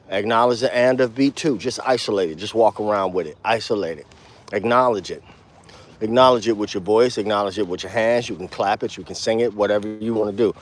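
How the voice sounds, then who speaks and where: Cursing streetwise bass teacher walking outdoors. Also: male voice, brisk, slight background noise. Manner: blunt, streetwise slang with cursing; counts beats out loud while walking. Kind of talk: casual walk-and-talk vlog.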